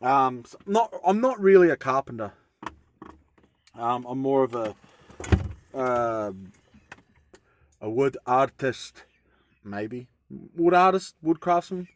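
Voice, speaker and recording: A man's voice: mid-range voice, lively intonation, takes it slowly, pauses often, slight background noise. A man chatting casually through a tool-sharpening tutorial, rambling and often interrupting himself. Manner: rambling, self-interrupting, easygoing. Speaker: bushcraft vlogger.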